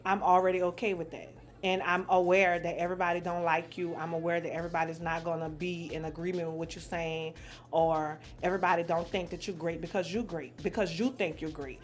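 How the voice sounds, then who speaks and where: Blunt, bright-voiced woman in her forties. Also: fairly low pitch. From New Orleans, USA. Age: 40s. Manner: blunt, profane, laughs easily. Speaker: host answering questions. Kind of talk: casual chat.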